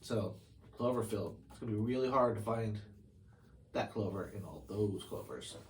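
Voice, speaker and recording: A man reading a picture book aloud as the storybook reader, pausing to comment to his listeners. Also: on the low side, noisy background.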